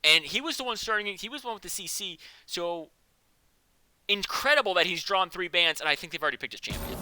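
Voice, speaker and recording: A man casting a live esports match, joking between quick breakdowns of picks and bans. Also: sits high, smooth. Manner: joking, excitable, fast analytical patter. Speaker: esports caster.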